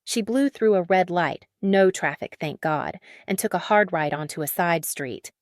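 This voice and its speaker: A woman reads a dramatic story in an even, matter-of-fact narration. Her voice sits low, and the sound is dry and close to the mic. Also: moderate pace, no room sound.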